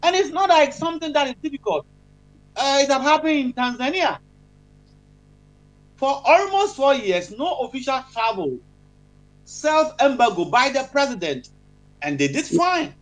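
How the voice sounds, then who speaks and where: A man's voice: very high-pitched, very animated, moderate pace, pauses often, poor audio. A man hosting a live-stream interview, asking long probing questions. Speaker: host.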